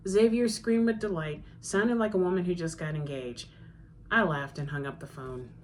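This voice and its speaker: A woman reads her own novel aloud in a fairly low voice. Her first-person narration is conversational and steady, with a faint background hiss. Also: moderate pace. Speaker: author reading her novel. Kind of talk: audiobook-style reading.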